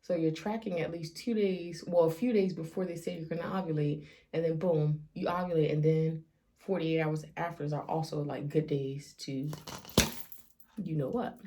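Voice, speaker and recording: A woman's voice: sits low, steady tone, normal speed, warm tone, a little hiss or hum. A woman speaking emotionally to her vlog audience, near tears as she confides. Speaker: vlogger. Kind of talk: personal vlog confession.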